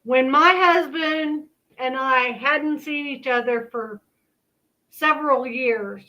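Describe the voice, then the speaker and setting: A woman's voice: high-pitched, takes it slowly, bright, forceful tone, rough recording. A woman from Kansas hosting a casual commentary stream, chatty and folksy with laughing asides. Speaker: host.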